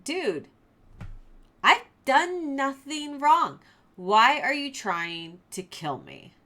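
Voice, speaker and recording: A woman's voice: mid-range voice, very animated, moderate pace. A woman doing a cocky young man, slangy and mocking. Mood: indignant. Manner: slangy, mocking, loud bursts. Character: brash young man taunting, casual and cocky.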